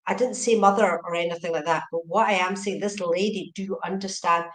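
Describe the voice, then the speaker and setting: A woman giving fast, chatty psychic readings on a live stream, often checking in with okay and right. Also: lowish voice, fairly even intonation, reverberant, low-quality recording. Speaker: medium.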